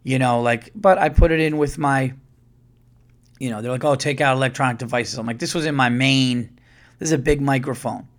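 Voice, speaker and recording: A man's voice: mid-range voice, brisk. A man hosting a podcast, telling a rambling, profane story in a casual monologue and quoting people as he goes. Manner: profane, rambling, animated retelling with quoted voices. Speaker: podcast host.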